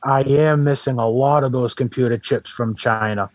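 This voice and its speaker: A man's voice: mid-range voice, steady tone, moderate pace, no room sound, natural voice. A man playing an easygoing Santa Claus with a Boston accent, answering interview questions in an improvised comedic chat. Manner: easygoing, agreeable, short replies. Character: jolly male Santa Claus guest.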